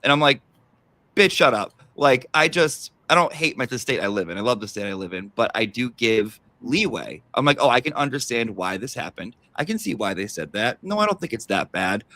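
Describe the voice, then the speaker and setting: A man hosting a casual podcast chat, talking in an animated, profane way and acting out what people might say. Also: medium pitch, fairly quick, hardly any pauses, no echo. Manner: animated, profane, acts out quotes. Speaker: podcast host.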